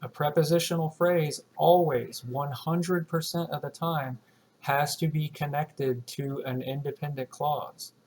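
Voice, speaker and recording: A man teaching a writing class, explaining grammar slowly and deliberately and reading example sentences aloud. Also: fairly high pitch, steady tone, darkish tone, slight background noise. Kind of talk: recorded writing lesson.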